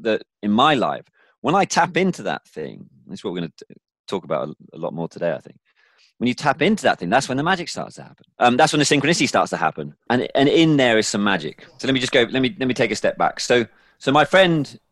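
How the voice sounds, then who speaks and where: A man's voice: on the low side, fairly bright tone. A man in his forties, a film director guest, telling a candid personal story with emphatic, freely profane speech. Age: 40s.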